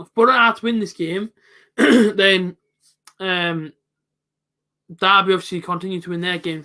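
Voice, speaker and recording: A young man with a high, bright voice hosts a live football reaction stream. He chats casually with his viewers, answering them by name in loose, everyday slang. The talk is relaxed and unscripted. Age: late 20s. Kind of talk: casual live commentary reading chat.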